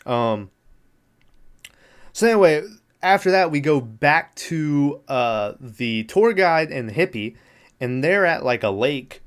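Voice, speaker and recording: A man's voice: mid-range voice, clear, resonant tone. A man hosting a podcast, retelling a movie plot in a loose, rambling way, full of filler words and swearing. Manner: rambling, filler-heavy, profane, laughs at the film. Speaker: podcast host. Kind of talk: casual movie recap.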